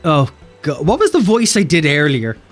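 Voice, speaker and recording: A man with an Irish accent, chatting playfully on a game live stream and jumping between deep and high voices. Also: huge pitch swings, normal speed, soft background music. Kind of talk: casual live-stream chat.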